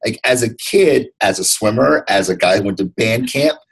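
A man from Detroit talks as a podcast guest, his voice somewhat low and a little husky. He speaks earnestly and reflectively, circling back and restarting phrases as he thinks. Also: animated, moderate pace, poor audio. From Detroit, USA. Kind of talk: candid interview conversation.

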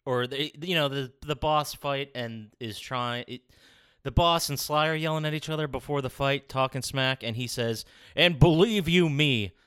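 A man's voice: medium pitch, moderate pace, a bit bright, smooth. A man hosting a casual podcast, laughing often as he moves through the segments. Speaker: podcast host.

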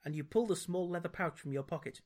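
A man's voice: a little high, fast, darkish tone. A man reading a gamebook aloud as podcast host, dropping dry, wry asides. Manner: dry, wry commentary between read passages.

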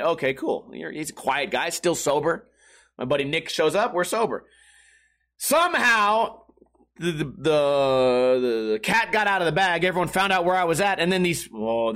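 A man's voice: fairly high pitch, expressive, normal speed, fairly bright tone. A man hosting a podcast, telling a story casually, swearing and laughing often. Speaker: podcast host.

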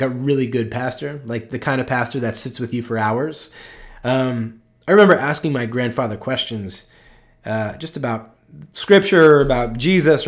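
Earnest man preaching a personal sermon. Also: mid-range voice. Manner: earnest and personal, with frequent "right?" asides; openly emotional, slowing and softening on tender points. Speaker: pastor. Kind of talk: conversational sermon.

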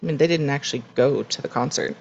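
A woman's voice: very deep voice, quick pace, vocal fry, a little mellow, dull audio, slight background noise. A woman co-hosting a podcast, chatting casually with strong opinions and easy laughter. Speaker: podcast co-host. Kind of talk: casual chat.

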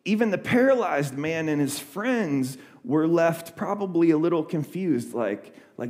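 A man's voice: fairly high pitch, lively intonation, measured pace, few pauses, a little mellow. A young adult man preaching a sermon, retelling a scripture story in a loose conversational way with many fillers and restarts. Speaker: pastor.

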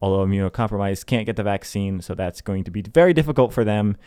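A fast-talking young podcast host with a low, mellow, clear and resonant voice rants in exasperation, swearing and mocking the people he opposes. It's a casual monologue captured in clean studio sound without any room sound.

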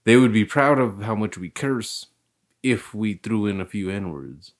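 A man's voice: lowish voice, a little slow. A young man hosting a casual podcast chat, rambling, laughing often and swearing freely. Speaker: podcast host.

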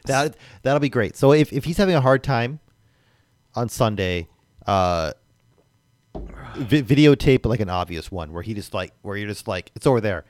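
A man co-hosting a podcast, mostly chiming in with short, teasing comments. His voice sits on the low side and is recorded dry, with no room sound around it. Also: animated, moderate pace, no room sound. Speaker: podcast co-host. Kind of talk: casual chat.

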